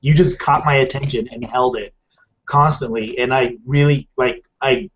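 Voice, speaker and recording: A man's voice: medium pitch, fairly even intonation, moderate pace, fairly bright tone, highs cut off. A man in a casual group chat, effusively praising the speaker and using many fillers.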